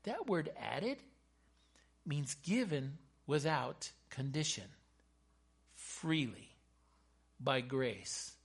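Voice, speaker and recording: A man's voice: fairly high pitch, big pitch swings, very slow, creaky, long pauses, slightly rough. A man preaching a sermon with fervent emphasis, breaking into chatty asides to his congregation.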